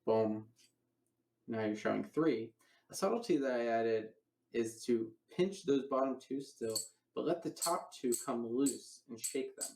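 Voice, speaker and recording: A man's voice: medium pitch, a little slow, darkish tone, echoey room, rough recording. A man teaching a coin magic routine in a casual online lecture, explaining each step and acting out his patter. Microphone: online voice call.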